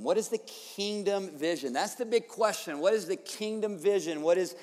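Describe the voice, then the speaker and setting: A man preaching a sermon in a lively, conversational way, tossing in casual asides. His voice sits a bit high for a man. Long reverb hangs on his words in a big hall. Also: normal speed, hardly any pauses. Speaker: pastor.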